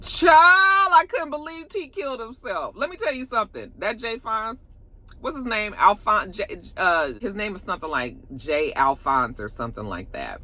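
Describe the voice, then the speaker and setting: Brief: expressive YouTube reviewer, bright, forceful voice, casual and profane recap. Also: medium pitch. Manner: animated, expressive, swears freely. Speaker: TV show reviewer.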